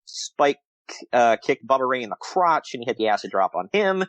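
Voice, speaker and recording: A man's voice: mid-range voice, big pitch swings, normal speed, a bit bright, no room sound, highs cut off. A man co-hosting a casual podcast review, rambling and laughing often as he retells things. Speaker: podcast co-host.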